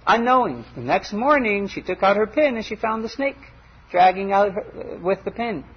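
A man teaching a Torah class, telling stories with animated, acted-out quotes. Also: sits high, normal speed, slightly rough, dull audio. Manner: animated storytelling, acts out quoted voices. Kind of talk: storytelling Torah lecture.

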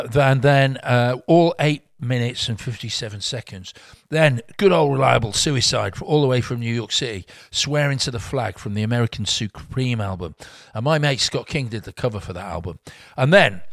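Rambling radio DJ. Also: male voice, medium pitch, normal speed, dry recording. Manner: rambling, self-mocking, dry humour, filler-heavy. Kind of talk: casual radio chat between tracks.

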